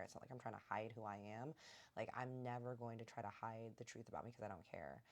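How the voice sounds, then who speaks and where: Very deep-voiced woman telling a story. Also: darkish tone. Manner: retells dialogue with "I was like" and "he's like"; chatty, addresses viewers directly. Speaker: storytime host. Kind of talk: casual storytime narration.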